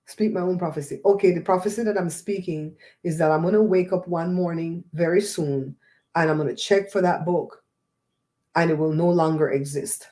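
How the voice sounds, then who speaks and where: Animated woman hosting a casual chat. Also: on the low side. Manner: animated, preachy, laughs often. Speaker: host.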